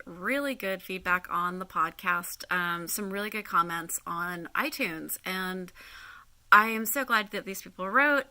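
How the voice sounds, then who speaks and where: A woman hosting her podcast in a casual solo update, rambling and apologetic with many fillers, laughing often. She is in chronic pain, and her voice turns high and shrieky. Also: bright, forceful tone. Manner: laughs often while talking. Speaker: podcast host.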